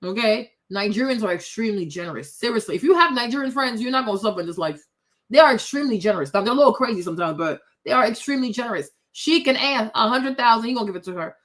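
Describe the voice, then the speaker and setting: A woman's voice: fairly high pitch, lively intonation, rapid-fire, a bit bright. A woman hosting opinionated commentary, blunt and sassy, talking straight to her viewers. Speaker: commentary host.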